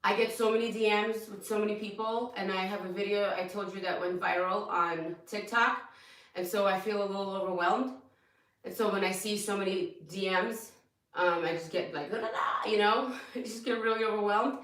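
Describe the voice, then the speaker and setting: A woman fitness coach talking casually to her followers, tearful and rambling, with quick bursts and laughs. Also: mid-range voice, fairly even intonation, fairly bright tone, distant mic. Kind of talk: emotional casual talk to followers. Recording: echoey room, voice off-mic.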